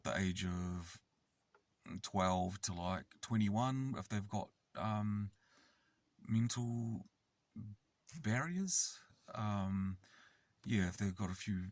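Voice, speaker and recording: Deep gravelly New man. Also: slow pace, pauses often, no echo, recorded from a distance. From New Zealand. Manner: rambling, sweary, with many fillers. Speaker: vlogger. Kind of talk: casual storytelling. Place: inside a car.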